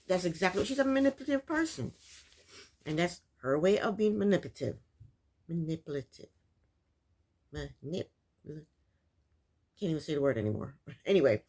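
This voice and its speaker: A woman vlogger recapping a reality TV episode in casual, opinionated commentary, exasperated and loose, with frequent restarts. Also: fairly low pitch. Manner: loose, full of restarts and fillers.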